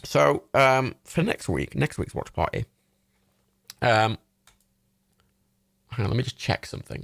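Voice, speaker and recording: A man's voice: medium pitch, very animated, unhurried, vocal fry, long pauses, fairly bright tone, dry recording, studio quality. A young man in his twenties from Ireland, hosting a livestream and chatting casually and enthusiastically about films, with lots of fillers and swearing. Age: 20s. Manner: rambling, enthusiastic, swears freely, many fillers. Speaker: livestream host. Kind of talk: casual chat while browsing films.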